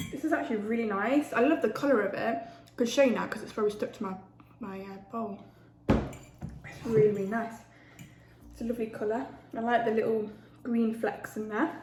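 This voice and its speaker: A woman's voice: on the high side, darkish tone, slight background noise. A woman, chatting casually between bites in a food vlog. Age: 20s. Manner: chatty, eating while talking. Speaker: food vlogger. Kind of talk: casual mukbang chat. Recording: echoey room with faint ambience.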